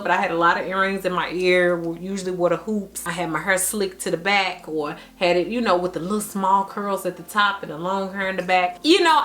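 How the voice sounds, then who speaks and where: A young woman with a St. Louis Midwest accent, chatting casually to camera as a vlogger, animated and laughing often. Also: medium pitch. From Midwest United States.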